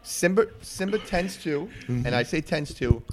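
A man hosting a casual podcast, talking excitedly and rushing through his sentences with frequent restarts. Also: on the high side, a crowd in the background. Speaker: podcast host.

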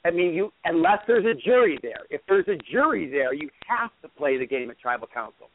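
A man's voice: fairly high pitch, sing-song, a little fast, a little hiss or hum. Man talking over a tinny phone line. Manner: rambling, lots of restarts and repeats. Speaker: host. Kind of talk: casual call-in show talk.

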